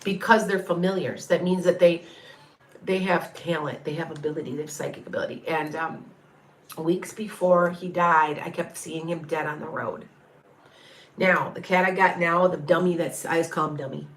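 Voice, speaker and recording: In an echoey room, a psychic medium gives a casual live reading in a low, fairly even voice at normal speed. She answers questions chattily and ramblingly, often stopping mid-sentence.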